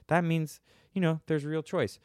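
A man's voice: a little high, fairly even intonation, unhurried, a little mellow, no echo. Young male podcast host, loose and joking, dry close mic. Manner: irreverent, joking, laughs at own answers. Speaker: podcast host answering listener questions. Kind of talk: casual podcast chat.

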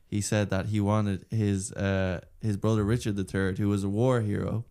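Young man, earnest explainer, smooth clear voice, lowish pitch. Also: level tone, normal speed, mellow. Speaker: podcast co-host. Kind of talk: casual chat.

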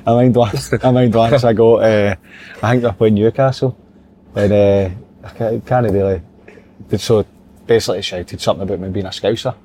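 A man's voice: lowish voice, fairly even intonation, normal speed, dark tone, slight background noise. A man from Scotland with a Scottish accent, a former footballer, chatting as a pundit with a dry, wry humour. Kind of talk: casual football chat.

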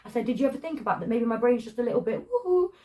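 A woman co-hosting a podcast, telling stories fast and expressively with some swearing. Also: fairly high pitch, very animated, warm tone. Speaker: podcast co-host. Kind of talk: casual chat.

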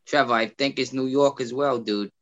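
A man's voice: mid-range voice, steady tone, normal speed, a bit bright, muffled recording. A man playing in a casual quiz and throwing out cheeky joke answers. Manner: jokey, cheeky guesser. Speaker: quiz contestant. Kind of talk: casual podcast quiz banter.

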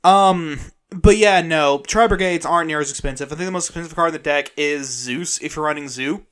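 Hesitant American man, slightly high voice. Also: fairly quick, clean tone. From United States. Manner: hesitant, lots of ums, relaxed. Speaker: podcast co-host. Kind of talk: casual chat about card games.

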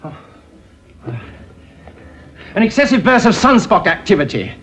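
A flustered eccentric time traveller. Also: male voice, high-pitched, big pitch swings, a bit bright. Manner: flustered, halting, full of ums.

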